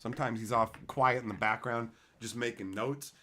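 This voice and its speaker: A man's voice: mid-range voice, steady tone, normal speed, bright, forceful tone, a little hiss or hum. A middle-aged man from Canada hosting a casual livestream, ranting with heavy profanity and mocking silly voices. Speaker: livestream host.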